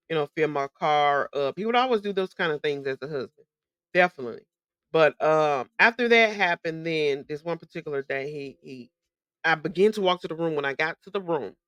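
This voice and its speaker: A woman's voice: low voice, moderate pace, no room sound. Candid woman telling her own story. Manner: candid and emphatic, with frequent repetitions; slangy casual speech. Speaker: podcast host. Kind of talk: personal storytelling.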